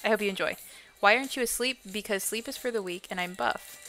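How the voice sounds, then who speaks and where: This young adult woman speaks fast in a pushed, bright, mid-range voice while chatting casually to viewers during a gaming live stream. She swears freely and blurts out exclamations over faint background music.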